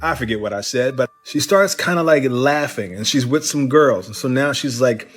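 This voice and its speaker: A man from Cincinnati, Ohio, telling a comedic bar story in an animated way and acting out the voices of others. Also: mid-range voice, normal speed.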